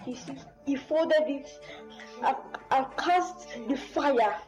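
Woman preacher, high and mellow voice, pleading, faint music behind. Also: slow pace, muffled recording. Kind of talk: exhortation to listeners.

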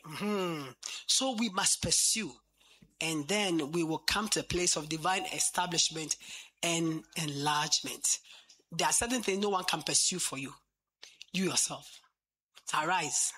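A man's voice: a little high, a little slow. A man preaching fervently and leading a church in prayer, chanting and speaking in tongues. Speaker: pastor. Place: church service. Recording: loud music behind the voice.

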